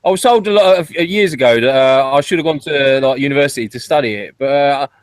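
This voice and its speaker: A man's voice: mid-range voice, fast talker, no room sound. Rambling, reflective man hosting a chat. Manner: reflective, rambling, with hesitant restarts. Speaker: channel host. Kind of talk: casual group chat.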